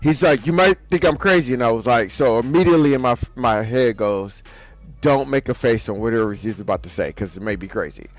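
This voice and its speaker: A man's voice: fairly low pitch, brisk, no echo, soft background music. A man co-hosting a radio show, telling a story in casual chat, laughing often and acting out the voices of the people in it. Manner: laughs through his story, acts out quoted dialogue.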